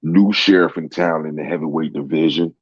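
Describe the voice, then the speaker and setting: Man, deep low voice, profane heated rant, dry muffled recording. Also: fairly even intonation, brisk, slightly rough, no room sound. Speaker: sports commentator. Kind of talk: casual rant. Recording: dull lo-fi sound.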